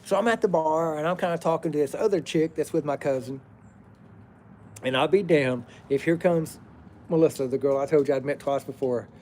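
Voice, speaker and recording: A man's voice: fairly high pitch, brisk, dark tone, slight background noise. A man, telling a personal story in a rambling, profane, drawling way.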